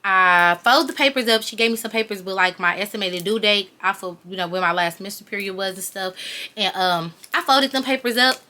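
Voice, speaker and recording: A woman's voice: medium pitch, brisk, pushed and bright. A young adult woman telling a personal story in a casual, chatty way, talking straight to her viewers. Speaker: vlogger.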